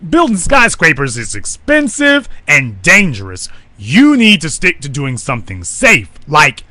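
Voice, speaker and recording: A man's voice: a little high, sharp tone, dry recording, exaggerated voice. A man voicing a condescending male oppressor who scolds and talks down in a mocking tone.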